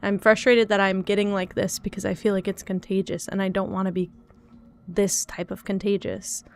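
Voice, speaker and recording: A woman's voice: mid-range voice, little pitch movement, normal speed, darkish tone, slight background noise. A young woman streamer chatting casually to her viewers, frustrated and self-critical as she talks through her troubles. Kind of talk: casual live-stream chat.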